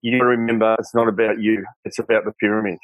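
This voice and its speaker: A man's voice: fairly low pitch, fast, dry recording, low-quality recording. A middle-aged Australian man, a guest in an interview, telling personal stories earnestly and quoting the people in them. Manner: earnest, animated storyteller, quotes others in his tales. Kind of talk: candid storytelling interview.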